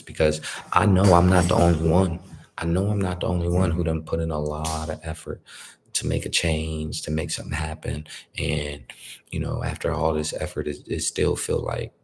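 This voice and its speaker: A very deep, creaky, darkish male voice gives a casual spiritual talk, with slight noise in the background. He speaks conversationally and repetitively in colloquial grammar, often checking in with "you feel me."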